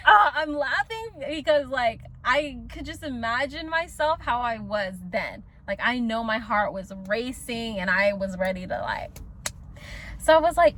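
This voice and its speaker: A woman with a high voice and a swooping, lively pitch tells a personal story in a casual vlog. She talks in slang, acts out her own past lines and laughs often. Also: measured pace, slight background noise. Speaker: vlogger telling a personal story.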